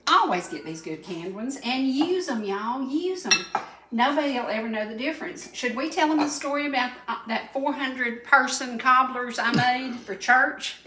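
A woman's voice: high-pitched, normal speed, bright, forceful tone, reverberant, slight background noise, low-quality recording. Chatty Southern woman cooking on TV. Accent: Southern American. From Georgia, USA. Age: 60s. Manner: chatty, homespun, emphatic repetitions. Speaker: cooking show host. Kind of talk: folksy cooking demonstration. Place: TV studio kitchen set.

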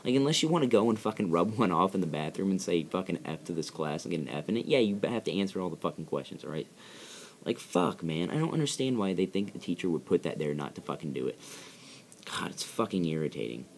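A man's voice: low-pitched, animated, fast. A teenage boy ranting with lots of swearing and rambling fillers while he commentates over gameplay. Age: teens. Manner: profane, irritated ranting. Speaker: gaming channel host. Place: bedroom.

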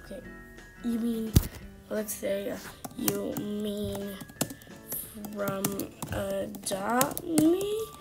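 A woman giving casual, excitable commentary while she plays a game, full of chatty exclamations. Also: medium pitch, extremely slow, vocal fry, pauses often, loud music behind the voice. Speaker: gaming streamer.

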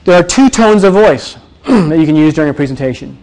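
Energetic man coaching a room. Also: fairly high pitch, fairly quick. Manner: energetic, demonstrative, quizzes the audience. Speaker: presentation coach. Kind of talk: live workshop talk. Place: room with a live audience.

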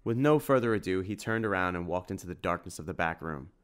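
A man narrating an audiobook with steady, even storytelling. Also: low voice, fast, clean tone.

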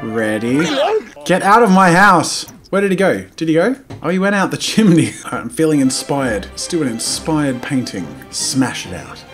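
A man giving casual, jokey commentary while playing a life-sim game, swinging from loud outbursts to low muttering. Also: lively intonation, moderate pace, hardly any pauses, over music. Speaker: gaming YouTuber. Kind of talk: casual let's-play commentary.

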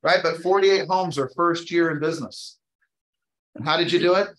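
A man's voice: fairly high pitch, moderate pace, fairly bright tone. A man in his fifties leading a motivational training talk for an audience, telling a personal story and building to an emphatic, upbeat push. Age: 50s. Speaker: real estate team leader and trainer. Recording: roomy echo.

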